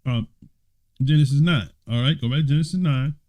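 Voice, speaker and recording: A man's voice: mid-range voice, brisk, darkish tone. A man, an elder of a congregation, teaching a bible study in a conversational way, reading passages aloud and asking his listeners questions. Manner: laughing fits, struggling to keep composure; conversational, asks the audience questions.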